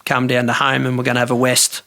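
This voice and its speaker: An Australian man telling a fishing yarn as a podcast guest, lively and full of broad slang. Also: medium pitch, fast talker, gravelly. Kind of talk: casual storytelling.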